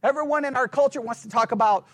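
A man preaching an animated sermon, full of rhetorical questions and acted-out voices of churchgoers. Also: extremely high pitch, fast, dry recording.

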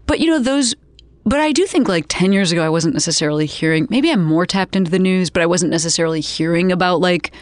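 A woman's voice: lowish voice, lively intonation, no echo, studio quality. Jokey young woman host. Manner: quick, jokey, lots of likes. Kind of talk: casual chat.

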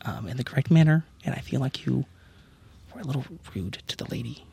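A man voicing a timid, prim male wood elf advisor who talks in a hesitant hush. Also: medium pitch, lively intonation, moderate pace, close to an everyday voice. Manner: hushed, hesitant, polite.

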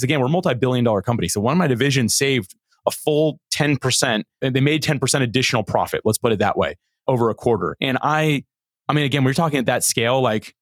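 A middle-aged man, a podcast guest, telling a story in an animated, earnest way with many restarts. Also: medium pitch, no room sound. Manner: animated, earnest, frequent repeated starts. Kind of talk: conversational storytelling.

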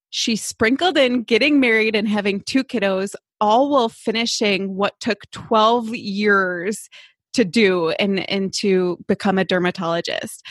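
A woman's voice: mid-range voice, dry recording, studio quality. A woman hosting a podcast interview, enthusiastic and friendly. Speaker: podcast host.

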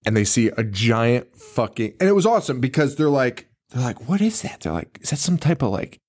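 A man co-hosting a podcast, talking in a casual, animated way. His pitch swoops widely as he acts out quotes, swears freely and laughs often. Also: a little fast. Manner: animated, profane, laughing retellings with acted-out quotes. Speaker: podcast co-host. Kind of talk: casual chat.

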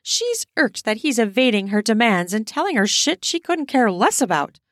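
A woman narrating an erotic audio story in a steady, explicit storytelling manner. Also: on the high side, normal speed, no room sound, studio quality.

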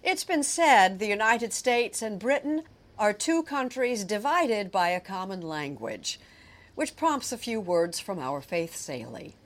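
A woman's voice: mid-range voice, big pitch swings, a little slow, slight background noise. Female TV host introducing segments. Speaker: TV program host. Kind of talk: scripted news presentation.

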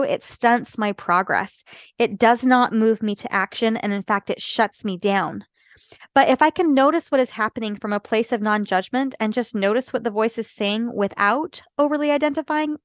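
A woman's voice: fairly high pitch, no echo, clean studio sound. A woman podcaster and life coach talking earnestly to listeners, explaining ideas step by step and checking in with frequent asides. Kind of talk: solo podcast talk.

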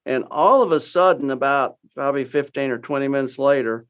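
Older man, from Texas, interview guest, folksy, halting, lots of fillers. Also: medium pitch, a bit bright. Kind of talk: storytelling interview.

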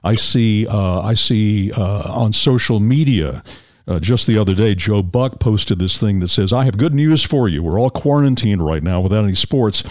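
A man hosting an interview, asking lively questions that stall on repeated words. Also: fairly low pitch, normal speed, no room sound, clean studio sound. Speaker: podcast host, interviewer. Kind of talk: interview chat.

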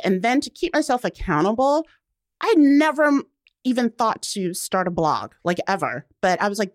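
Young adult woman, animated, conversational podcast guest; dry studio sound. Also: a little high, normal speed, no room sound. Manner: expressive, acts out quotes, laughs often. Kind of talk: casual interview chat.

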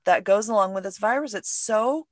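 A woman hosting a podcast, telling her stories with animated, emotional energy. Her voice sits at a middle pitch. The recording is dry and close, with no room sound. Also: normal speed, no echo. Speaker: podcast host. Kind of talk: casual podcast conversation.

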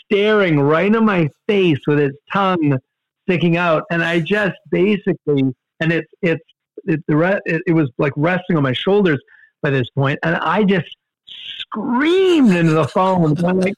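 A man telling a story in casual conversation, animated, with many fillers and restarts. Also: moderate pace, no echo, poor audio. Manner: animated, jumps in pitch for quoted outbursts, many fillers and restarts. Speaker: guest storyteller.

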